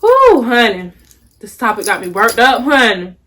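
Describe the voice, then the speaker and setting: Here her voice is fairly high and very animated, with a fairly bright tone and a little hiss or hum in the audio. She drawls sassily at her audience, calls them honey and baby, and hammers points home through repetition and slowed-down delivery in a casual vlog monologue.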